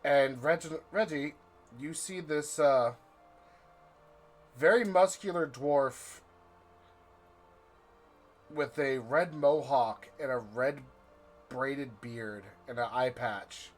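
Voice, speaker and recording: A man's voice: mid-range voice, faint music behind. A man narrating as game master of a tabletop game, drawing out his descriptions. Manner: slow, drawn-out, vivid description.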